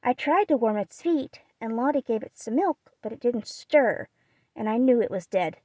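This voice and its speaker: A gentle, shy young girl, as a woman reads her, soft and earnest in manner. Her voice sits high, heard in a dry, close audiobook reading. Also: animated, moderate pace, dry recording. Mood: sad.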